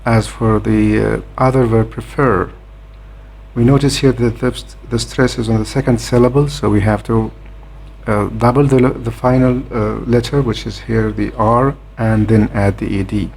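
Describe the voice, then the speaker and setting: A man explaining a grammar lesson in a measured way, pausing often with "uh" between points. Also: mid-range voice, fairly even intonation, gravelly, darkish tone, a little hiss or hum. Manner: measured, with frequent "uh" hesitations. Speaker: grammar teacher.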